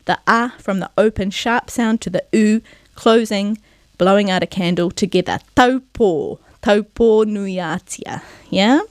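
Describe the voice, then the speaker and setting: Woman enunciating vowels slowly. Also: mid-range voice, fairly even intonation, dry recording. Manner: slow, careful enunciation of vowel sounds; encouraging, asks "yeah?" to check in. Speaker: Māori language presenter. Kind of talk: televised pronunciation lesson.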